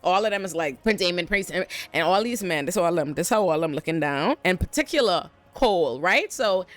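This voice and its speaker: A woman's voice: fairly low pitch, lively intonation, brisk, faint music behind. A young woman giving a casual TV episode recap, talking in a sassy, profane, dramatic way. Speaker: TV recap host.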